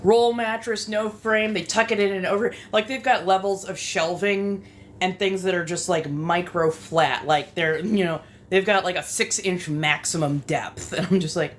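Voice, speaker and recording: A woman's voice: lowish voice, fairly even intonation, normal speed, slight background noise. Chatty West Coast woman streaming live. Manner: chatty, swearing, rambling asides. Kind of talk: casual live-stream chat.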